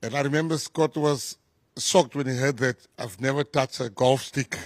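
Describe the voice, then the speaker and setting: A man's voice: medium pitch, fairly even intonation, moderate pace, no echo, studio quality. A South African man, a government minister, giving an effusive, emphatic press conference speech full of repeated phrases.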